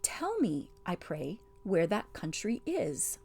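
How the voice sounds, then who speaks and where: A woman voicing a sweet-voiced witch queen who speaks softly, soothing and half-mocking. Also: fairly low pitch, wildly swooping pitch, takes it slowly, gravelly, husky, exaggerated voice. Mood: coaxing.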